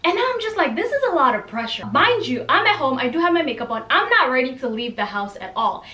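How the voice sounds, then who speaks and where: A young woman telling a casual storytime to camera, animated and exasperated, acting out the people she quotes. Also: high voice, brisk, reverberant.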